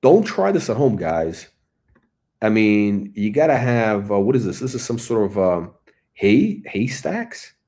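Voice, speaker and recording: Chatty middle-aged man, low and lively. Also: unhurried. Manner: rambling, chatty, searching for words. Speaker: watch review host. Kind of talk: casual commentary and storytelling.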